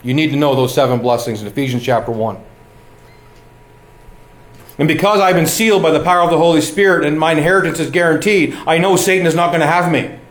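A middle-aged male preacher delivering a sermon in a fairly high voice. He speaks earnestly and presses his points with rising emphasis. His voice rings in a roomy, echoing space. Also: fast talker. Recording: echoey room.

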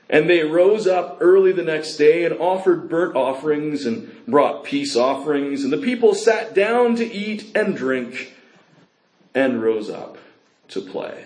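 A male preacher reads scripture and preaches in an expressive, dramatic style. His voice sits slightly high, and his pace and pitch swing widely. The sound carries an echoey room ring. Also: unhurried. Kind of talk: sermon with scripture reading.

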